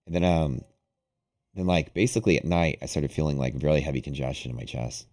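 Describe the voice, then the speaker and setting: A young man hosting a livestream, casually telling a long story to his audience, rambling and animated with lots of "like". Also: extremely low pitch, brisk. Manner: rambling, animated, heavy use of "like". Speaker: day-trading livestream host.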